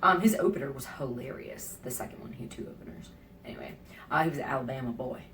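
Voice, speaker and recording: A woman vlogging from a hotel room, telling her travel stories in a chatty, animated way, with whispered asides now and then. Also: extremely low pitch, quick pace, vocal fry, distant mic. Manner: chatty, animated, acts out quoted lines, drops into whispered asides. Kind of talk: casual travel vlog storytelling.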